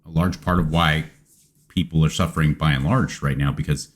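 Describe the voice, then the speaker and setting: A man hosting a podcast, chatting in a relaxed, opinionated way. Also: extremely low pitch, brisk. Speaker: podcast host. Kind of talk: casual conversation.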